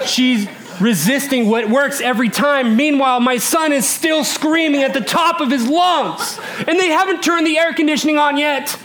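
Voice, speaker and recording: A man in his thirties from Alaska, telling a comic story to a live audience, animated and laughing as he talks, swinging between loud bursts and hushed asides. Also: very high voice, moderate pace, hardly any pauses, a crowd in the background.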